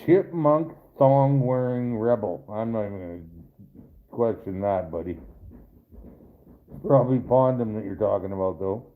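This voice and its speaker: A man's voice: fairly low pitch, lively intonation, unhurried, pauses often. A man hosting a live stream, chatting casually with viewers, rambling and swearing as he answers their comments. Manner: rambling, profane, talks straight to viewers. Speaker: livestream host reading viewer chat. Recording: tinny phone-like sound.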